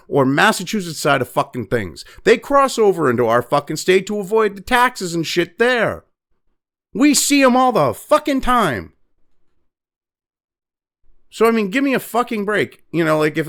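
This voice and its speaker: Brief: foul-mouthed male host from New Hampshire, ranting, high and very animated voice. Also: vocal fry. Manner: ranting, heavy swearing, many fillers. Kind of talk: profane political commentary.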